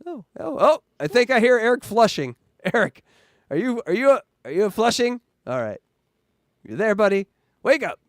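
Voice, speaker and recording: A man hosting a casual livestream, joking around and hyping donations in an excitable way. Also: high-pitched, normal speed, dry recording, studio quality. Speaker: livestream host.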